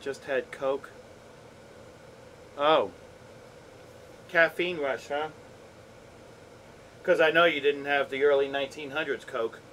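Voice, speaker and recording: Laid-back, slow-talking, swearing male streamer. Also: on the high side, steady tone, a bit bright, a little hiss or hum, rough recording. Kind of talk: casual chat with chat while gaming.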